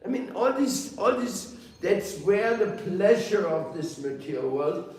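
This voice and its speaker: A man giving a sermon as a spiritual teacher, telling stories playfully with laughter and quick mock voices. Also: high-pitched, big pitch swings, darkish tone. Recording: roomy echo, heard from a distance.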